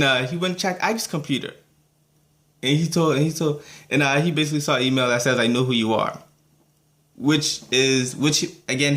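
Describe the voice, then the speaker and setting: A man's voice: mid-range voice, fairly bright tone. A young man giving a casual, rambling review of a cartoon episode, laughing often between thoughts.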